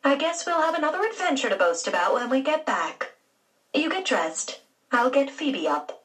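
A woman's voice: high voice, big pitch swings, normal speed, fairly bright tone, recorded from a distance, voice pushed up. A woman voicing a stern, exasperated middle-aged aunt in a storybook reading. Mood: brisk. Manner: exasperated, haughty.

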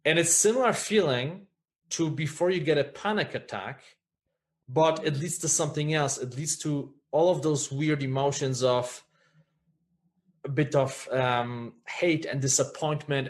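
In a candid podcast conversation, a male guest with a voice on the high side speaks at normal speed. He comes across earnest and reflective, often checking in with "right?" as he goes.

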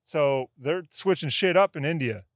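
Young man, podcast host, casual storytelling, profane, animated, fairly high voice, dry close sound. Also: moderate pace, no room sound. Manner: animated, profane, swings into excited shouts.

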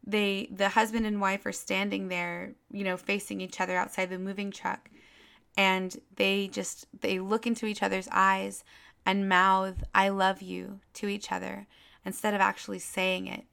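A woman's voice: medium pitch, flat delivery, moderate pace, creaky, a bit bright, clean tone. A woman giving a casual, rambling movie review, full of restarts and fillers and openly emotional about the scenes.

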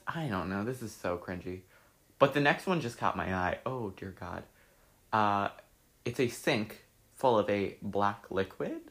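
With a mid-range voice at normal speed, a young man chats casually while reading out old posts from his social media. He laughs at them, swears, and reacts excitably.

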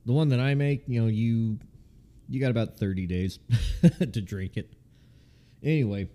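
A man's voice: mid-range voice, moderate pace, mellow. A man co-hosting a casual podcast, chatting and joking while he tastes beer, laughing often and swearing offhandedly. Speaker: podcast co-host.

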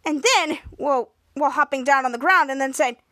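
A woman podcast host walks through a TV episode scene by scene, rambling and restarting as she goes. Her voice is high, and the recording is dry and close with no room echo. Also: normal speed, bright, forceful tone. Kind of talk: episode recap narration.

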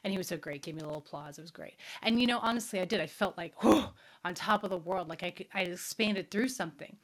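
A middle-aged woman with a lowish voice talks fast as she hosts a spirituality show. She recounts a personal story in a blunt, candid way, swearing casually and putting questions to her audience.

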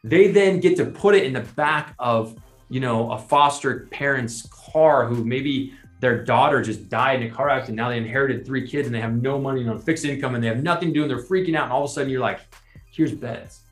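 Animated man in a roomy space. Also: mid-range voice, fast. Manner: animated, persuasive, often adds "right?". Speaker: podcast co-host. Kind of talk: casual conversational explaining. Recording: roomy sound with faint music.

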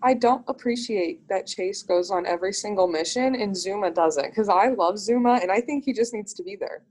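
A young woman in casual group chat, animated and laughing often. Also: medium pitch, moderate pace, rough recording.

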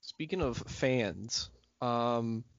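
A man's voice: medium pitch, extremely slow. A man on a casual podcast, making wry quips. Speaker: podcast co-host. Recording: dry, dull lo-fi sound.

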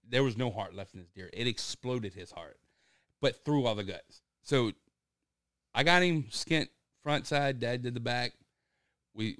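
A man's voice: dry recording, studio quality. A man, telling a hunting story in a casual chat and acting out the people he quotes. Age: 30s. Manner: animated storyteller, acts out quotes with big pitch jumps, laughs often.

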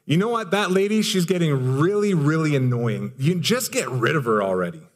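A man voicing exasperated male disciples who grumble impatiently, pitching his voice well above his own. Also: lively intonation, brisk, lightly acted. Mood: annoyed. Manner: complaining, impatient.

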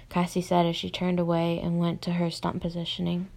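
A woman's voice: on the low side, monotone, brisk, vocal fry, hardly any pauses, darkish tone. A young woman reading her own story aloud, plainly, stumbling and restarting often.

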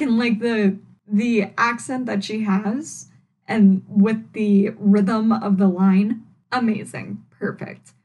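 A young woman hosting a casual solo podcast at home, recapping a TV episode in a chatty, animated way with wry asides. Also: mid-range voice, low-quality recording. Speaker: podcast host reviewing a TV episode. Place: at home, indoors.

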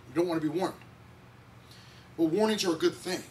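A male pastor gives a relaxed, conversational sermon in a church and sometimes acts out the voices he quotes. His voice sits high, and the mic is set well away from him, so he sounds distant. A faint hiss runs under the recording. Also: fairly quick.

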